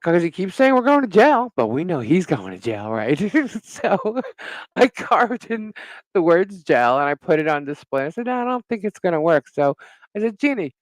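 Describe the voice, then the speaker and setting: A middle-aged man with a high voice co-hosts a live talk show, chatting casually as he tells a story about a neighbor at a moderate pace. He's an animated storyteller who laughs often and swears freely. The audio is poor, with no room sound.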